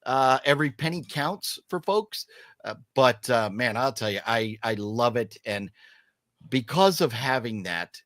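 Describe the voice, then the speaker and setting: A man's voice: medium pitch, expressive, unhurried, fairly bright tone, dry recording, studio quality. A man hosting a casual movie chat, opinionated and emphatic, rambling with restarts. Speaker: podcast host.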